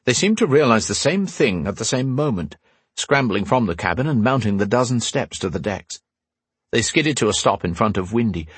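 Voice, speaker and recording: A man reading a fantasy novel aloud in calm, even scripted narration. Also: medium pitch, slightly rough, no echo. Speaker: audiobook narrator.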